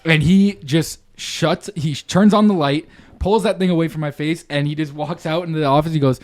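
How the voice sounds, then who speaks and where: A man's voice: a little high, steady tone, brisk. A young man on a podcast, telling a rambling story in casual chat, full of slang and swearing. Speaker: podcast co-host.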